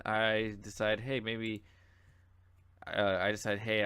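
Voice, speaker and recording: A man's voice: on the low side, a bit bright, smooth. A young man casually commenting on his own gameplay as a channel host, sleepy and yawning, rambling with lots of fillers and asides.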